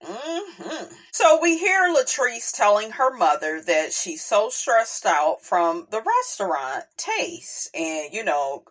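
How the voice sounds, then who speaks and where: A woman hosting a casual reality TV recap, talking with sass, drawn-out words and frequent exclamations. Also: medium pitch. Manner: sassy, animated, drawls and exclaims.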